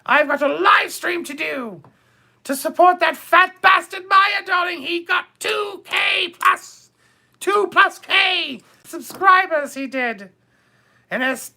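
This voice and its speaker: A man's voice: very high-pitched, animated, slow pace, long pauses, bright, forceful tone, full character voice. A man playing a bawdy, gossipy older duchess on a comedic live stream, theatrically calling viewers darling and my dears.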